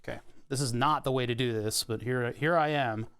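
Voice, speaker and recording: A slightly bright, mid-range male voice moves a little fast as its owner streams himself repairing a printer. He's casual and joking, with sarcastic side comments and plenty of chuckles. There's a bit of hiss or hum from the headset or desk mic.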